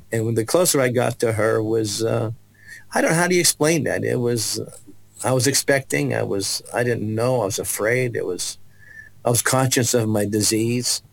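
A man's voice: medium pitch, creaky, low-quality recording. A man giving a personal testimony as a guest, telling his story with restarts and acted-out voices. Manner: animated storyteller, acts out voices, many restarts.

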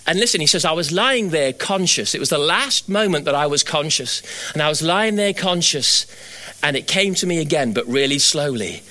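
A middle-aged man preaching a sermon. He builds to fervent, high exhortation, then drops to quiet storytelling. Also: lively intonation, moderate pace.

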